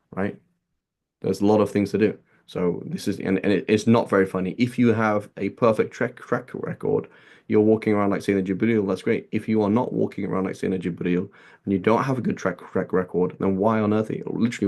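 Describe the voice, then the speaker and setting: A man's voice: lowish voice, darkish tone. A man teaching a religious lesson in a casual, chatty way, peppering his talk with "right?" and "like". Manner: chatty, many "right?" and "like" asides. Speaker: teacher of a hadith class. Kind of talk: casual lecture with anecdotes.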